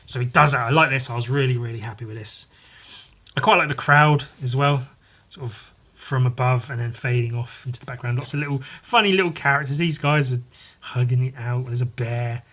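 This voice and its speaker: Man, podcast host, comic artist, rambling casual chat, bright tone. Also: medium pitch, brisk. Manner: rambling, playful, sweary. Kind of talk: casual walkthrough of his comic pages.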